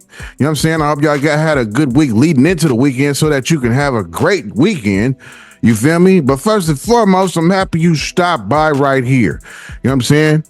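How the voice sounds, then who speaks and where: A man's voice: a little high, no room sound. A middle-aged man hosting his own podcast, out of breath and rambling loosely, always asking "you know what I'm saying". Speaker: podcast host. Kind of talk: casual solo podcast talk. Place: home setup beside a watch box.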